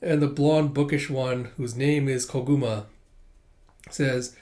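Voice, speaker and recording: A man's voice: medium pitch, fairly even intonation, slow pace, darkish tone. A man reading a manga aloud in a casual way, narrating panels, laughing and making profane asides. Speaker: manga reader and commentator. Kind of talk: casual manga read-through.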